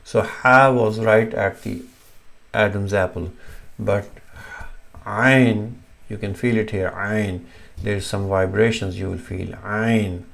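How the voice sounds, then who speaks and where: A man's voice: on the low side, steady tone, unhurried, creaky, fairly bright tone. A man teaching Arabic letter sounds, patiently demonstrating each one and correcting himself as he goes. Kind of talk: slow instructional explanation.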